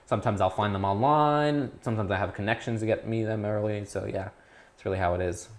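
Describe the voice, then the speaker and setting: A young man in his teens talking casually as an interview guest, rambling with restarts and perking up when excited. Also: lowish voice, fast talker. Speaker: YouTube creator, guest.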